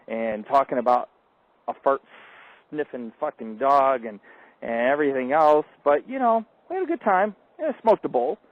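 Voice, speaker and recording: Profane male radio host on a tinny line. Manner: crude, profane, boastful storytelling; swings from loud outbursts to low mutters. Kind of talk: rambling live call-in radio monologue.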